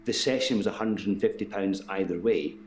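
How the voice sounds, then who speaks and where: An actor playing a detached male patient in a full-motion video game, with an even, measured delivery. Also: low-pitched, slight background noise, close to an everyday voice. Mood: flat, detached. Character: calm, detached British male patient who walks through doors.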